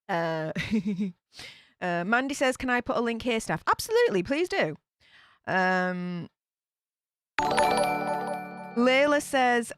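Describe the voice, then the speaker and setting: A woman's voice: mid-range voice, smooth, no room sound, clean studio sound. A woman with a Northern English accent hosting a casual live stream, chatting and reading out viewer comments. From England. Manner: chatty, laughs often, reads comments aloud. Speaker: YouTube commentary host reading live chat.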